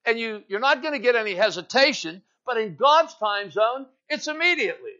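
High, bright-voiced male preacher. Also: expressive, moderate pace. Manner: emphatic preaching with rhetorical "Amen?" calls. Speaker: pastor. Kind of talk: sermon. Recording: dull lo-fi sound.

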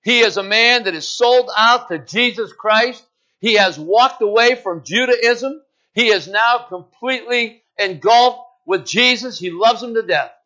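A male preacher giving an animated, dramatic sermon and acting out scripture, in a slightly muffled recording. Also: very high voice, a little slow.

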